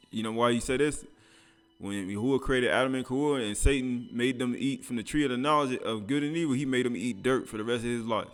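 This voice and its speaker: A man preaching, alternating between read scripture verses and loose, conversational commentary. His voice sits at an ordinary middle pitch, with soft music playing faintly behind him. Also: fast talker. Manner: reads scripture aloud then comments in casual speech, laughing. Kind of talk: sermon.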